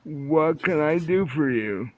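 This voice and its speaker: A man's voice: a little high, expressive, takes it slowly, noisy background. A man voicing a golden lizardfolk mayor who speaks in a lizard-like voice, over a tinny phone-like line. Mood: welcoming. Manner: says he speaks in a completely lizard voice.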